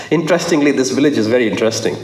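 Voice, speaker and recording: A man preaching a sermon, emphatic, repeating his phrases and swinging between low and high notes. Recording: echoey hall with long reverb.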